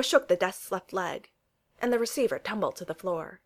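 A woman reading a children's storybook aloud, animated and changing her voice for the dialogue. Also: medium pitch, moderate pace. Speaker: narrator.

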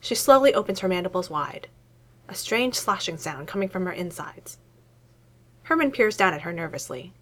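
A woman narrates a story aloud with a lively, animated lilt in her voice. Her delivery is expressive, giving the prose a storyteller's rise and fall. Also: on the low side, moderate pace. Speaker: story reader. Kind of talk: reading fiction aloud.

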